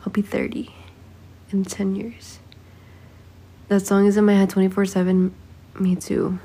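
A woman's voice: mid-range voice, completely flat delivery, unhurried, long pauses, mellow, slightly rough. A woman around twenty chatting casually on a live stream from home, reading viewer comments aloud into a phone held at arm's length. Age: 20s. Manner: chatty, reads viewer comments aloud, sings snatches of a song. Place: home indoors.

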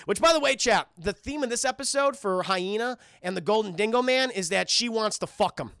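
Gravelly, excitable streamer man. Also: high-pitched, fairly quick, few pauses, no echo, clean studio sound. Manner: profane, excitable, talks to chat. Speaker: streamer reviewing a cartoon. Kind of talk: casual commentary to chat.

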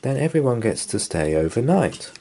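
A kind child from a bedtime picture book, as a man reading aloud puts him on. He sounds upbeat and soothing, with a lively, lifted voice. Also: mid-range voice, normal speed, a little hiss or hum, pitched above the performer's own voice. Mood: reassuring. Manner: soothing, cheerful reassurance. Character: kind reassuring child, the dinosaur's friend. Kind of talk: storybook read-aloud.

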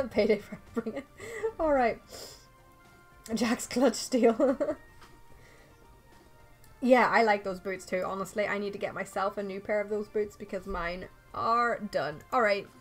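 A young Irish woman chatting casually through a game livestream, excitable and talking to her viewers and the game characters. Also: medium pitch, slow, pauses often, soft background music. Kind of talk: casual let's play commentary.

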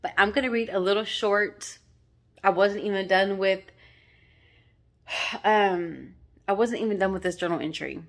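A woman in a tearful, sniffling state, speaking haltingly with many fillers and apologies as she shares a devotional journal in a casual vlog. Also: mid-range voice. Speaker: vlogger sharing devotional reflections. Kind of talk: emotional devotional vlog, reading journal aloud.

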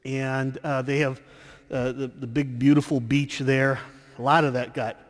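Slow-speaking priest in a reverberant church. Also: male voice, medium pitch, level tone. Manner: slow storytelling homily with fillers and restarts. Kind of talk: sermon. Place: large church.

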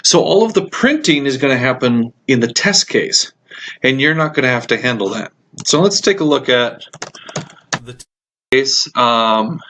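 A man's voice: medium pitch, a little hiss or hum. Guy walking students thru code on screen, lots of ums, got hiccups, some typing behind. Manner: relaxed, explanatory, frequent ums and uhs. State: has the hiccups. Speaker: computer science instructor. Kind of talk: screencast code walkthrough lecture.

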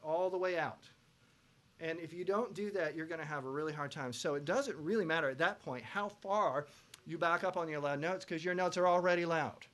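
Animated man teaching a vocal class. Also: fairly high pitch, a little fast. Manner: animated, belts out sung examples. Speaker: vocal production instructor. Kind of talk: masterclass lecture to students.

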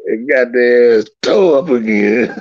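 A man's voice: medium pitch, creaky, no echo. A man telling old stories in a casual, profane way, laughing often and acting out the dialogue. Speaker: guest recounting old stories. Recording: slightly dull lo-fi sound.

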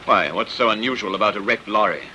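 An actor playing a stern, clipped British army lieutenant giving orders in an old war film. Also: male voice, lowish voice, fast, sharp tone, a little hiss or hum, poor audio. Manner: clipped, commanding. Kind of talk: film dialogue.

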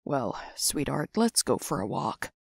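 A woman voicing a gentle, consoling older man who is a family friend in an animated story. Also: low-pitched, moderate pace, vocal fry, no echo, clean studio sound, voice pushed down. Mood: soothing. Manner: soft, calm, consoling.

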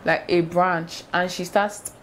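A young woman tells a story on her vlog, lively and animated, acting out the sounds as she goes. Her voice sits a little low for a woman. A faint hiss of noise hangs behind her. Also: slow pace. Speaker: vlogger.

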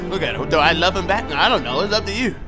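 A man giving loud, profane, joking commentary on a game as he plays, talking back to the characters. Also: sits high, lively intonation, very fast, over music. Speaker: gamer. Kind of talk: comedic gameplay commentary.

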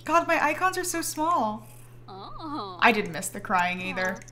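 A woman's voice: fairly high pitch, big pitch swings, measured pace, sharp tone. A young woman streaming a life-simulation game live, giving exasperated, joking running commentary to her chat.

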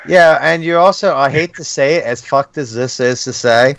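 A man's voice: mid-range voice, normal speed, gravelly, fairly bright tone, a little hiss or hum. A man co-hosting a casual online chat, making dry, sarcastic quips. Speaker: podcast co-host.

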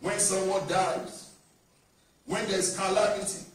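A man's voice: high-pitched, steady tone, measured pace. A man preaching a sermon as a pastor, proclaiming in a declamatory style and calling out to the congregation for responses. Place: church. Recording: echoey church hall from far off.

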